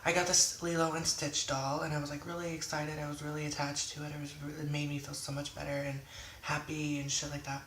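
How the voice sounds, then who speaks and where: A vlogger in their twenties rambles through a casual storytime vlog at home, often swearing and then apologizing. The mid-range voice is monotone, fairly quick and fairly bright, and the room is echoey.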